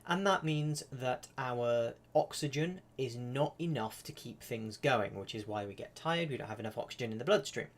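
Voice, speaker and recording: A man's voice: mid-range voice, expressive, normal speed, hardly any pauses. A man giving a casual live-streamed flute lesson, chatty and full of fillers. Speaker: flute teacher.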